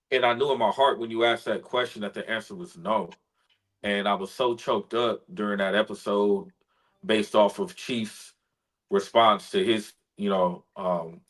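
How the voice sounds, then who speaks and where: A spoken word artist appears as a guest in an interview, telling a personal story earnestly and from the heart, his voice growing quiet when he's moved. He speaks with a fairly low pitch, and the recording quality is low.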